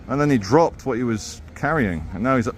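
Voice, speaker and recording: A man's voice: mid-range voice, animated, brisk. Man, walking vlog, sardonic asides, faint traffic noise outdoors. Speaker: street vlogger. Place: outdoors on city streets.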